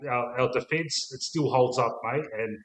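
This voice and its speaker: A man with an Australian accent hosting a casual live stream, matey and quick to swear. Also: medium pitch. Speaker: host. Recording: echoey room.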